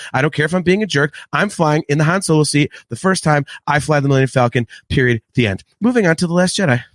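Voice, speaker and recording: Male podcast host, higher pitch, dry close sound; animated, profane rants. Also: no room sound. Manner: excitable, ranting, profane. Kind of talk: casual podcast chat.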